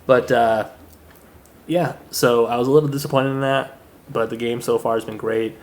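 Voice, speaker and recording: A man's voice: medium pitch, normal speed. Young male solo podcaster, mid-range voice, loose rambling delivery, faint noise underneath. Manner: rambling and jokey, with crude asides. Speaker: podcast host. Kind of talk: casual solo chat.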